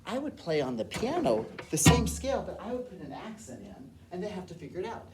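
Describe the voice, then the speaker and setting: A woman's voice: on the low side, big pitch swings, fairly quick. A woman who teaches elementary music, leading a movement lesson and singing scale notes and counts aloud. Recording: echoey room heard from a distance.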